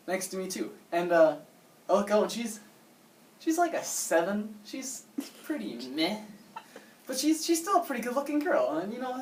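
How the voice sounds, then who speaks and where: A young man tells a joke story to a handful of listeners, stumbling and repeating himself as he goes. He sits back from the microphone, so he sounds distant. The room around him is roomy and echoing. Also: sits high. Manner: halting, repeats words, laughs at own lines. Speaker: amateur comedian. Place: room with a small audience.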